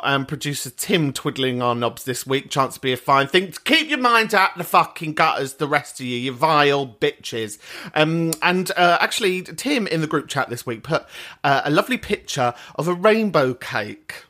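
A man's voice: mid-range voice, sharp tone. A man hosting a podcast, talking in a sweary, camp, self-mocking comic monologue. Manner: sweary, camp, quick to laugh at himself. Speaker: podcast host.

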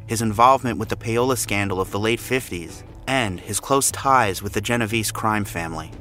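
A man narrating as a podcast host in a scripted, measured delivery. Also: fairly low pitch, a bit bright.

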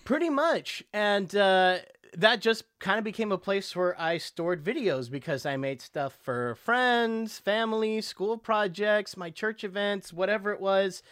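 High-voiced man telling animated stories. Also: measured pace, smooth, no room sound, studio quality. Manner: animated storytelling, slips into character voices. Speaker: voice actor, interview guest. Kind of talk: casual interview chat.

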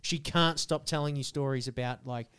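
A man's voice: medium pitch, steady tone, moderate pace, fairly bright tone, clear, resonant tone. A young Australian man telling a rambling, sweary comic story as a podcast co-host. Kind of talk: casual comedic chat.

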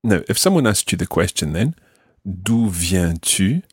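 A man teaching a French lesson, patiently modelling each phrase slowly and clearly for a learner. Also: sits low, very animated, no room sound, clean studio sound.

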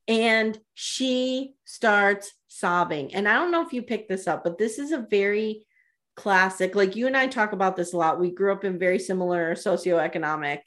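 A woman chatting through a reality show recap with a gossipy, animated delivery. She retells scenes in quick quoted asides and breaks into laughter often. Her voice sits at an ordinary middle pitch. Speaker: podcast co-host. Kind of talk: casual recap chat.

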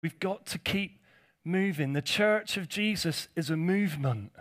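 A man's voice: high voice, measured pace, fairly bright tone. A male pastor preaching a conversational sermon, with jokey asides to his congregation.

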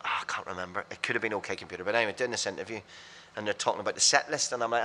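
A man with a bright, forward voice tumbles through blunt, self-mocking stories at high speed. He sits a touch low in pitch, chatting casually as a podcast guest. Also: very fast, hardly any pauses, slight background noise. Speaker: radio presenter and podcast guest. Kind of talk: casual storytelling chat.

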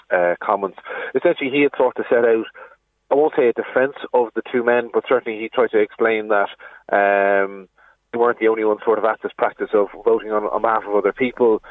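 An Irish-accented political editor with a lowish voice speaks down a phone line on a radio show. He explains things steadily but with many fillers and restarts, and the recording is dry.

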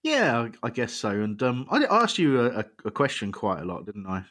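Man, podcast host, casual chat, joking and rambling, very animated voice. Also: medium pitch, brisk. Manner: jokey, rambling, self-deprecating.

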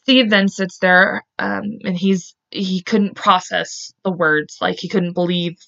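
A woman's voice: fairly low pitch, fairly even intonation, slow pace, vocal fry, fairly bright tone. Woman, true crime podcast host, chatty, lots of "like" and "um", blunt, slightly muffled lo-fi sound. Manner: chatty, heavy use of "like" and "um"; openly emotional and blunt. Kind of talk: casual true crime storytelling.

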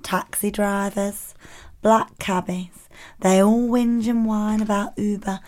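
A woman co-hosting a podcast, reading out listener rants in a blunt, sweary, animated way. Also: mid-range voice, slow. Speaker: podcast co-host.

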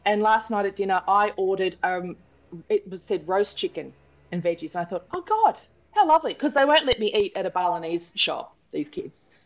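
A woman's voice: mid-range voice, moderate pace, rough recording. A middle-aged Australian woman co-hosting a casual chat podcast, telling holiday stories with acted-out voices and frequent laughs. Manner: animated storyteller, acts out voices, laughs often. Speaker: podcast co-host. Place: holiday abode abroad.

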